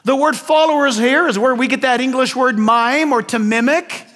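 A man's voice: very high voice, normal speed, fairly bright tone, in a large hall. An older man preaching a sermon to his congregation, asking them questions and adding folksy asides about grandchildren. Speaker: pastor.

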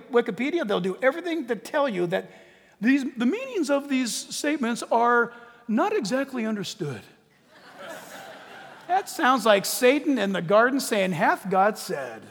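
A man preaching a sermon in a lively, joking way, acting out quotes from the text. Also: extremely high pitch, normal speed, big-room sound. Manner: animated, jokey preaching with acted-out quotes. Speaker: pastor.

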